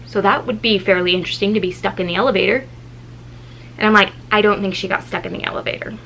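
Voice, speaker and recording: A woman in her thirties, a mother and vlogger, telling a story in a casual, animated way and acting out the people in it. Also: fast talker, vocal fry, slight background noise, rough recording. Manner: animated, acts out quoted people with shifting pitch.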